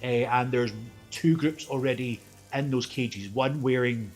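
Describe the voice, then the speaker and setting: A man narrating a tabletop game as game master, lively and laughing often, with loose asides. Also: medium pitch, a little slow, soft background music.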